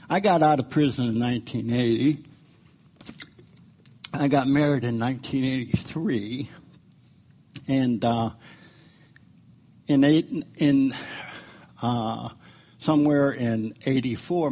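A man preaching, sharing his own life story as a testimony, by turns animated and quietly subdued. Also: mid-range voice, breathy edge. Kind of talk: personal testimony sermon.

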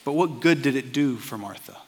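A man's voice: mid-range voice, animated, a little fast, husky, in a large hall. A man preaching a sermon as a pastor, earnest and conversational, often repeating words as he starts a phrase.

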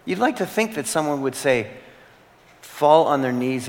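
Male pastor, earnest sermon delivery with repeated phrases and weighty pauses, recorded with a long reverberant hall tail. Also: on the high side, animated.

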